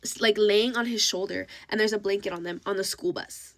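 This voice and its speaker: A woman's voice: medium pitch, steady tone, brisk, dry recording. A woman telling a casual storytime, rambling with lots of fillers and acting out what people said. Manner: rambling, filler-heavy, acts out quotes.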